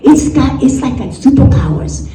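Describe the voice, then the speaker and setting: Woman putting on a whiny little boy pupil, squealing, high and bouncy, far-off stage mic. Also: very animated, moderate pace, warm tone, a little hiss or hum. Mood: excited. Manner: squealing, frantic, pleading with teacher. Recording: roomy live stage sound from a distance, audience audible.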